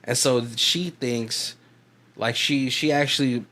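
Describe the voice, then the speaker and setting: A man's voice: medium pitch, steady tone, slow, bright, forceful tone. A man co-hosting a movie podcast in casual chat, rambling and laughing often as he recaps. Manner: rambling, laughs often, swears, puts on voices for quotes. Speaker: podcast co-host.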